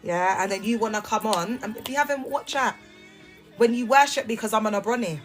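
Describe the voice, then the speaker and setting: A woman's voice: a little high, brisk, faint music behind. A woman, talking on a phone live stream and confronting her viewers in a sassy, heated way. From United Kingdom. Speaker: livestreamer. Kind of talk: casual live-stream rant.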